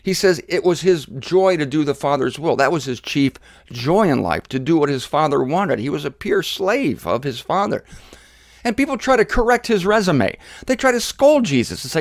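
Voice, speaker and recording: Animated conversational male preacher. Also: fairly high pitch, moderate pace, dry recording, clean studio sound. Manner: animated, conversational, mocking mimicry of critics. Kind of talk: informal sermon series.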